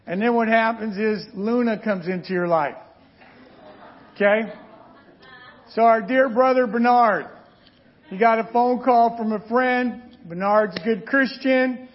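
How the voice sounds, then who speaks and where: High-voiced animated preacher man. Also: unhurried, long pauses, dull audio. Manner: animated storytelling, frequent "right?" asides. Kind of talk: sermon.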